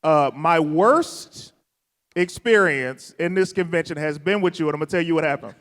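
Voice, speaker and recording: An upbeat man with a high voice moderates a convention panel on a hall stage. He talks with animated energy, joking as he tells a story into a handheld mic. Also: moderate pace.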